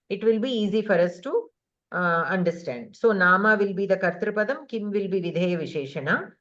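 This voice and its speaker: A woman teaching a grammar class over a video call, explaining patiently step by step with many pauses and fillers. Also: medium pitch, fairly bright tone, muffled recording.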